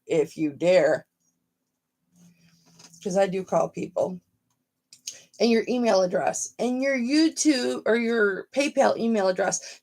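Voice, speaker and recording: A woman's voice: a little high, a little mellow. A middle-aged woman hosting a casual live stream, talking frankly and motherly to her viewers and swearing freely.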